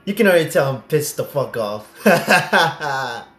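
A young man commentating a horror game as he plays, excitable and prone to sudden yelps and swearing. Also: on the high side, a little slow, roomy sound, faint music behind. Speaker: gaming streamer. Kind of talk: gameplay commentary.

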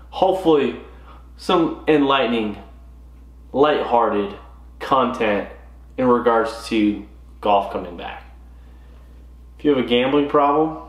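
A man from California hosting a golf podcast, telling stories in an animated, profane rant. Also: medium pitch, reverberant. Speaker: podcast host. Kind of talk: ranting golf podcast monologue.

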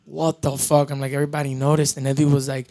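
A man's voice: mid-range voice, fast talker. A young man, telling a story in casual talk and switching between Spanish and English. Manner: mixes Spanish and English, relaxed and swearing. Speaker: podcast guest, band member.

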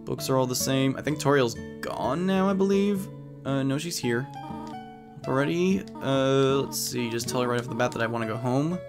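A man talks through a video game in a relaxed, chatty way, reading bits of dialogue aloud between his comments. His voice sits at an ordinary middle pitch. Plucked guitar music plays clearly behind him. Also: moderate pace. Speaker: let's play commentator. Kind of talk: casual gameplay commentary.

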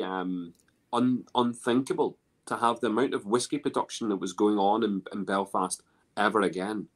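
A man's voice: lowish voice, fairly even intonation, moderate pace. A man with a Scottish accent chatting casually on a video call, rambling with many restarts and fillers. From Scotland. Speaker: guest. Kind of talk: casual chat.

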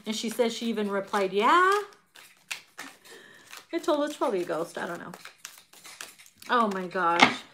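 A middle-aged woman giving a casual tarot reading to viewers, animated and profane, laughing often and acting out quotes. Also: medium pitch, fairly quick, long pauses, heavy background noise. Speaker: tarot reader.

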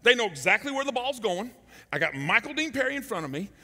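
Man, middle-aged, pastor, sermon storytelling, high pitch, echoey hall. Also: fast talker. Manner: animated, acts out shouted quotes. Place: large church hall.

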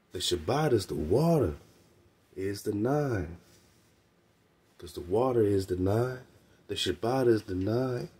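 This radio host's voice is lowish and mellow with a breathy edge. He teaches about religion in a slangy, emphatic way, repeating phrases and breaking into laughing asides.

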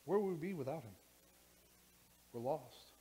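A man preaching a sermon as pastor in a church, animated, with frequent repeated words and restarts, sometimes rising close to a shout. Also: a little high, normal speed, husky, rough recording. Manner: animated, rising to near shouting when worked up.

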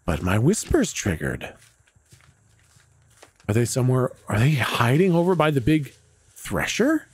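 A man's voice: mid-range voice, very animated, unhurried, breathy edge, no room sound. A Canadian man casually chatting with his viewers while streaming a game, laid-back and chatty, with frequent laughs and some swearing.

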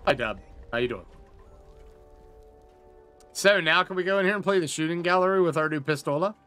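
A man hosting a casual live-stream of a game, excitable, swearing often and laughing a lot. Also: on the high side, brisk, clean tone, faint music behind. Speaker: streamer host.

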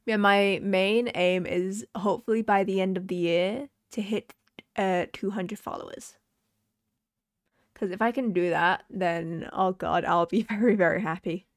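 A woman's voice: mid-range voice, fairly even intonation, measured pace, no room sound. Chatty woman streamer, dry close mic. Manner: rambling and chatty, with casual swearing. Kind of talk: casual chat while drawing on stream.

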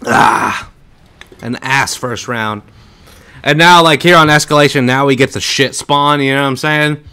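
A young man streaming a shooter game, talking casually and trash-talking loudly, swearing, with sudden shouted outbursts. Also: mid-range voice, unhurried, clean tone. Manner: loud, excitable trash talk, swearing, bursts of shouting. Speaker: gaming streamer. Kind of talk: casual gameplay commentary.

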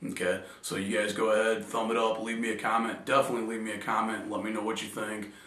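A man's voice: lowish voice, flat delivery, fast talker, sharp tone. A man talking casually to camera, telling a funny story in a loose, joking way. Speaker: vlogger. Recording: echoey room, distant mic.

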